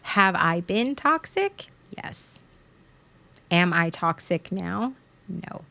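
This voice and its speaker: A woman's voice: fairly low pitch, sing-song, slow, vocal fry, sharp tone. Rambling woman, frank confessional monologue. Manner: rambling, with many restarts and repeated words; frank and emotional, swearing at times. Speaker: podcast host.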